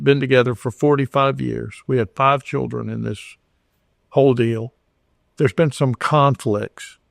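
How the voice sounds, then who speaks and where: A man's voice: medium pitch, vocal fry, dry recording, clean studio sound. An older man from Houston, Texas, talking earnestly as a podcast guest, with frequent restarts and acted-out dialogue. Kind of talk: conversational storytelling.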